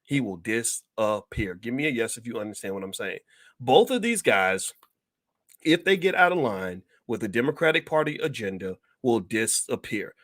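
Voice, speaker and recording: A middle-aged man holds forth to his online audience from his home, with the cadence of a preacher who hammers and repeats his points. He clears his throat now and then. The sound is close and dry, with no room around it. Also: mid-range voice, very animated, normal speed, a bit bright, no echo. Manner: preacher-like, emphatic, repeats key phrases for effect. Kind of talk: impassioned livestream commentary.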